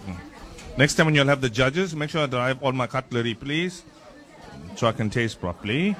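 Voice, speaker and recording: A man's voice: medium pitch, animated, moderate pace, fairly bright tone, a faint crowd. A man hosting a live breakfast radio show, joking and chatting while he tastes food. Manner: jokey, playful, talking while tasting food. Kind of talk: live outdoor radio broadcast chat.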